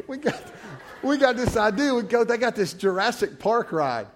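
A man's voice: very high-pitched, measured pace, a little hiss or hum. A man preaching a sermon, telling folksy personal stories with frequent laughter. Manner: animated storyteller, laughs often, folksy asides.

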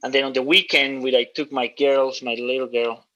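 A man's voice: medium pitch, flat delivery, normal speed, sharp tone, lo-fi sound. Laid-back man telling stories. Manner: loose, storytelling, says dude and man a lot. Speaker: guest, coffee roaster. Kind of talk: casual interview chat.

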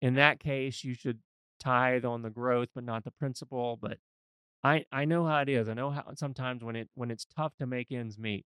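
A man's voice: medium pitch, steady tone, moderate pace, fairly bright tone, smooth, no echo. A man hosting a podcast as a financial advisor, talking in a folksy, earnest and emphatic way. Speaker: financial advisor and show host. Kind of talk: conversational podcast discussion.

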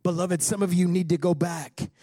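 Male pastor, high voice, passionate sermon, rising to near-shouts, dry close sound. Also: steady tone, normal speed, no echo. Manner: impassioned preaching, rising to near-shouts when quoting scripture.

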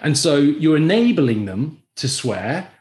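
A man, a filmmaker talking casually as a podcast guest, telling stories with lively energy. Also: fairly high pitch, slow pace. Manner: animated storyteller, acts out quoted voices. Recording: roomy echoey room.

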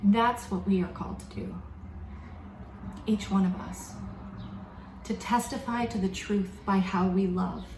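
A woman preaching a sermon in a reflective, measured way, slowing down to stress key words. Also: mid-range voice, a little mellow, slight background noise. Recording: echoey room with faint background ambience.

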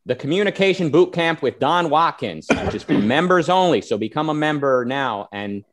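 A man hosting a casual panel talk, animated and rambling with many fillers, reading out viewer comments. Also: a little high, normal speed. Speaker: host.

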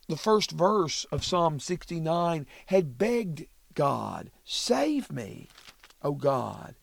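Slow, gravelly man teaching scripture. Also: on the high side, no room sound. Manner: measured, reflective reading of scripture. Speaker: podcast host teaching the Bible. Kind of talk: Bible study podcast talk.

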